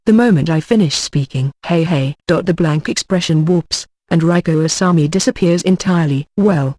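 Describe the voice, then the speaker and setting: A man giving first-person audiobook narration in a steady, even reading voice. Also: fairly high pitch, dry recording.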